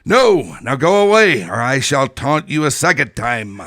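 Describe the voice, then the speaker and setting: A man's voice: sits high, very animated, measured pace, creaky, a bit bright, smooth, full character voice. An older man playing a rude, sneering French castle guard, reading taunts from a script in a podcast studio. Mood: taunting. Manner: mocking taunts read off a script.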